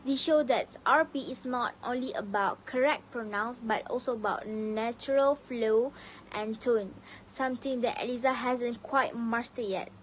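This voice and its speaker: A young woman student reading a prepared class presentation, pausing often to collect herself and slipping on words now and then. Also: on the high side, slight background noise, low-quality recording. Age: young adult. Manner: reads carefully with frequent "uh" pauses and slips.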